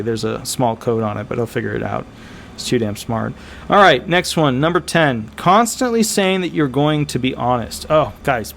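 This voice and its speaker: A man speaking as a disability attorney, giving casual, animated advice to viewers, emphatic and repetitive with frequent fillers. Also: mid-range voice, slight background noise. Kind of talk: casual advice talk to camera.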